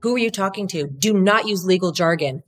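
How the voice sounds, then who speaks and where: Faint music plays behind a medium-pitched, slightly rough voice that moves fairly fast and with plenty of animation. In this casual interview, the woman who helped found a law firm speaks bluntly and vigorously, throwing in the odd swear word and performing quotes in other people's voices.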